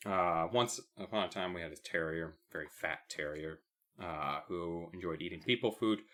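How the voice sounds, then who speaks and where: A man's voice: deep voice, normal speed, fairly bright tone. A man co-hosting a podcast, chatting casually and telling rambling stories full of fillers. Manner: rambling storyteller with many fillers. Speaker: podcast co-host. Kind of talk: casual chat.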